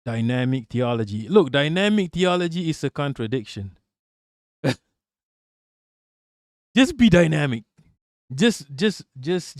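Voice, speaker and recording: A man's voice: mid-range voice, darkish tone, dry recording. A man rants on a livestream in a mid-range voice, emphatic and profane, stacking rhetorical questions and repeating lines for effect. The sound is dry and close, with no room around it. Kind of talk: casual livestream rant.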